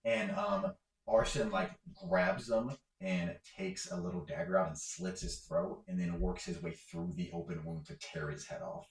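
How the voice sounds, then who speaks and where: A man's voice: low-pitched, fairly even intonation, normal speed, reverberant, poor audio. A man narrating as game master of a tabletop game, rambling with many fillers.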